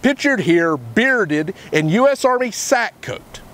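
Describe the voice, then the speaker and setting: A man giving a measured on-site history talk about a battle as a park historian. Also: high voice, big pitch swings, a bit bright.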